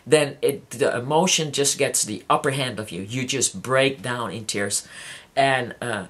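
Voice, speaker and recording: Halting, heartfelt vlogger talking to subscribers. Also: medium pitch, fairly bright tone, husky. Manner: halting, many restarts and fillers; openly emotional, heartfelt. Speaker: YouTuber addressing subscribers. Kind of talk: casual personal vlog.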